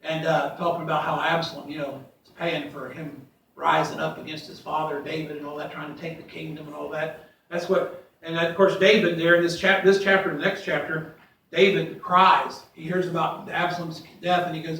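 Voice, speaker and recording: High, bright-voiced preacher in a church. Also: male voice, little pitch movement, normal speed, vocal fry, slight background noise. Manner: reads scripture aloud, rising loud on quoted cries, then drops to quiet asides. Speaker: pastor. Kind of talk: sermon. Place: church sanctuary. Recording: echoey church from far off.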